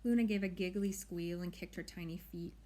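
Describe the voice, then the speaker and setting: A woman narrating an audiobook in a measured, expressive storytelling way. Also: on the low side. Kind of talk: audiobook reading.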